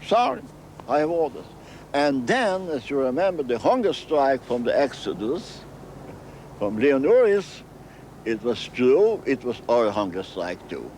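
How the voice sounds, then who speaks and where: An older man being interviewed. He recounts his memories in halting, non-native English and often repeats his phrases. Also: mid-range voice, sing-song, a little mellow, a little hiss or hum. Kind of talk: storytelling interview.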